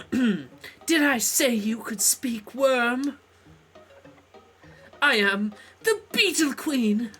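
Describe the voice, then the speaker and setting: A man voicing a haughty, imperious insect queen in a video game, slow and contemptuous in his delivery. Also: extremely high pitch, very animated, sharp tone, soft background music, voice pushed up, exaggerated voice. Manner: commanding, contemptuous, slow and drawn out.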